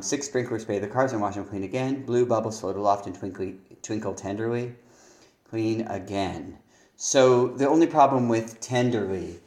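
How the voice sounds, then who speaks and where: Man, lyric feedback, reads lines then comments, deep voice, roomy echo. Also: a little mellow. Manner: reads lines aloud then comments on stress, thinking aloud with fillers. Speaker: songwriting teacher. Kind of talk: reviewing lyrics aloud.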